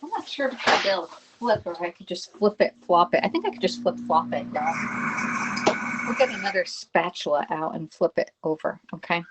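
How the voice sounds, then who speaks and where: A woman's voice: on the low side, animated, normal speed, very noisy. Chatty Southern-accented woman in her fifties. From Pennsylvania. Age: 50s. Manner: chatty, talks to herself and viewers while cooking. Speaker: cooking livestream host. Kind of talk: casual live cooking demo. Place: home kitchen.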